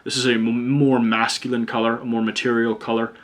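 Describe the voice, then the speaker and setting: A man's voice: mid-range voice, level tone, brisk. A man giving a casual pick-a-card tarot reading, blunt and chatty, swearing freely and drifting into rants. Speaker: tarot reader and teacher.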